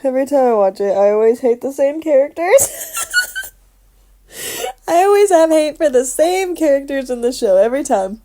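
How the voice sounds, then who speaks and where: A woman's voice: sits high, big pitch swings, fairly quick, hardly any pauses, warm tone. Chatty young woman vlogging her day. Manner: chatty, rambling, swears casually. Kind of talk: casual daily vlog.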